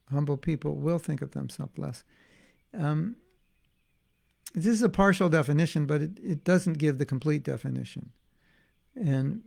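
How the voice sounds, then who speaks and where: A man's voice: a little high, gravelly, a little mellow. A man giving an informal devotional class as a spiritual teacher, talking in a musing, conversational way with frequent restarts and asides.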